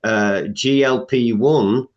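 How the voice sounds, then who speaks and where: A man's voice: medium pitch, slow. Emphatic man, muffled audio. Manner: emphatic, lists items, frequent filler "uh". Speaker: health coach guest. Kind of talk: podcast interview conversation.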